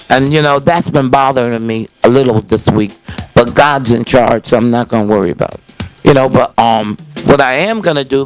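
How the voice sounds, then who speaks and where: An older man hosts a small call-in talk show, speaking casually and folksily straight to camera. His voice sits at an ordinary middle pitch, and he rambles with frequent restarts and "you know"s. Faint music hums somewhere underneath. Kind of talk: casual rambling monologue to viewers. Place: small indoor set filmed by a cameraman.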